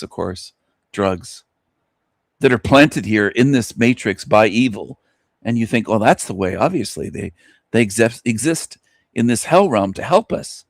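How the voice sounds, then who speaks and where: A man's voice: fairly low pitch, no echo, studio quality. A man hosting an online radio show, ranting scornfully at his listeners with mocking laughs and rhetorical questions. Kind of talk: scornful solo rant.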